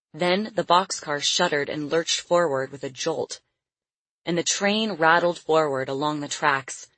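A woman narrating an audiobook in a steady, measured storytelling manner. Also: low-pitched, no echo, low-quality recording.

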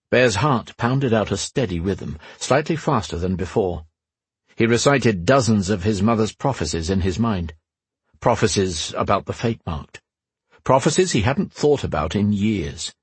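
A male audiobook narrator with a low, breathy, husky voice, telling a fantasy tale at a steady, measured pace. It is recorded close and dry, with no room echo.

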